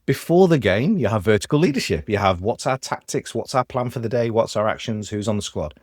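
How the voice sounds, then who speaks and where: A low-pitched man with a Midlands accent from Stoke speaks as a podcast guest, telling examples with animated energy. The recording is dry and close, with no room sound. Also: brisk, no echo. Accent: Stoke, English Midlands. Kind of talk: casual podcast conversation.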